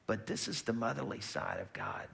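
A man preaching a sermon in a conversational, lively way, often slipping into quoted voices. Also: mid-range voice, moderate pace, vocal fry. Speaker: pastor.

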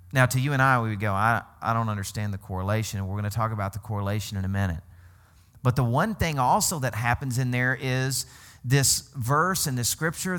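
Chatty pastor preaching, checks in often. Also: male voice, medium pitch, fairly bright tone. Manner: conversational, keeps checking in with "okay?"; laughs often while teaching. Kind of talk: sermon.

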